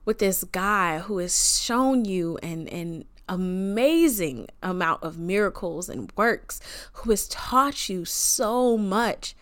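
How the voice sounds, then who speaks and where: Woman, 20s, podcast host, casual devotional chat, slangy, emotional, smooth voice. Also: mid-range voice, animated, slow, a bit bright. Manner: chatty, slangy, emotional and reverent.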